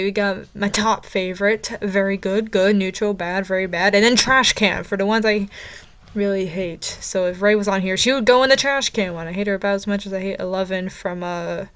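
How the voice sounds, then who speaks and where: A woman's voice: medium pitch, clean tone. A young woman giving casual, rambling commentary as she ranks characters in a vlog, chatty and opinionated, with lots of fillers and stumbles. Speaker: vlogger ranking characters.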